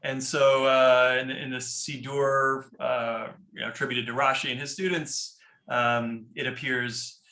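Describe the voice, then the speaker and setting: A man's voice: mid-range voice, little pitch movement, unhurried, bright, forceful tone, reverberant. A man teaching a class on a prayer book, explaining step by step and often checking in with "right?". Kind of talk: informal class lecture.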